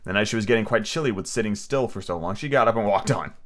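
A man's voice: lowish voice, fast. Male podcaster reading aloud casually, chatty and self-correcting. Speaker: podcast host and audiobook reader. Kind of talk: casual read-aloud with asides.

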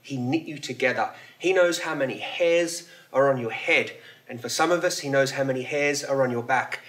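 Bright-voiced pastor preaching casually. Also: male voice, medium pitch, moderate pace. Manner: casual, conversational preaching with fillers. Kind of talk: sermon. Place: church service.

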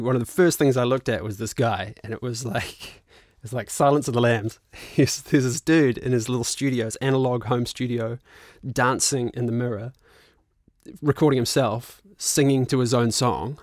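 A man's voice: medium pitch, no room sound, studio quality. Laughing New Zealand man telling stories. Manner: animated, swears freely, laughs often. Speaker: guest musician and actor. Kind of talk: casual storytelling.

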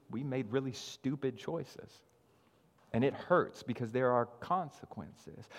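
Earnest preacher in a reverberant hall. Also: male voice, on the high side. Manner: earnest, repeats words, swings between loud emphasis and quiet asides. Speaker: pastor. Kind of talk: sermon.

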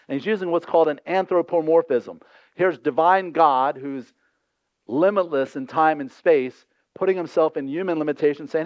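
Male pastor, lively conversational sermon, slightly high voice, dull lo-fi recording. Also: a little fast, no echo. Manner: lively, conversational, acts out voices in scripture scenes.

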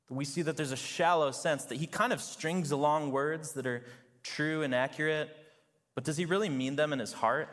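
A male pastor preaching a sermon in a loose, conversational way, full of "like" and "you know". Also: mid-range voice. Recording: long reverb of a large hall.

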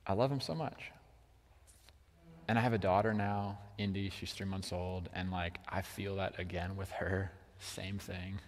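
A young man preaching a sermon about his children in a casual way, full of "like", moving between hushed and loud moments. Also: low-pitched, little pitch movement, moderate pace, hardly any pauses. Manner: casual, heavy use of "like", swings from hushed to loud. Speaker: pastor. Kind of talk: sermon with personal story. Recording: long hall reverb.

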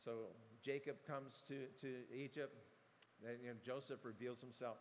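A man's voice: mid-range voice, steady tone, moderate pace. A man preaching a sermon, retelling the story animatedly and acting out quotes. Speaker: pastor. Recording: long hall reverb, faint room noise.

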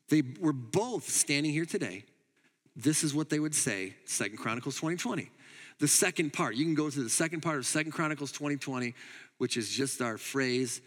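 A man preaching a sermon as pastor, emphatic, moving between loud urging and quiet asides. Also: medium pitch, in a large hall. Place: church hall.

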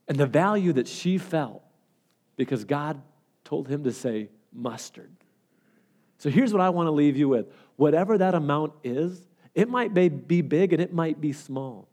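A man's voice: fairly high pitch, lively intonation, moderate pace, long pauses, darkish tone. A male pastor preaching a sermon in an earnest, conversational way and telling stories.

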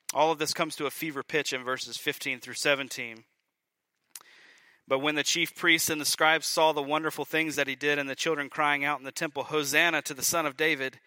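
A male pastor preaching a sermon, emphatic, building to loud peaks and dropping to quiet lines. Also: a little high, no echo.

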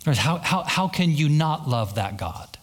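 A man's voice: fairly high pitch, very animated, a little slow. A man preaching a sermon as pastor, telling stories and acting out quoted lines with a lot of repetition. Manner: storytelling with acted-out quotes and repetition.

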